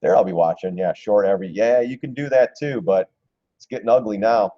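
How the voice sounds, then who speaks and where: A middle-aged man talks through stock charts on a live stream in a low, dark, mellow voice. He is blunt and excitable, swears freely and laughs often. The sound is dry and close, but dull and lo-fi. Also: a little fast, no room sound. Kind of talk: casual live-stream market commentary.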